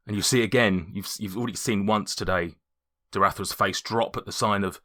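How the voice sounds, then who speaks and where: Guy game master narrating, lowish bright voice, lots of restarts. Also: fairly even intonation. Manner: halting, many restarts.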